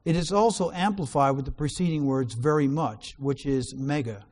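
A man's voice: medium pitch, moderate pace. A man preaching a sermon, reading scripture aloud and explaining it, his voice rising on quoted lines. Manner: animated reader, rising loud on quoted lines.

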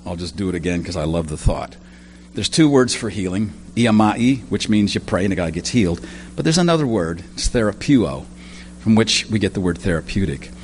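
A man preaches a sermon in a relaxed, conversational style, peppered with asides and personal anecdotes. His pitch moves up and down freely, and a faint hum runs beneath the recording.

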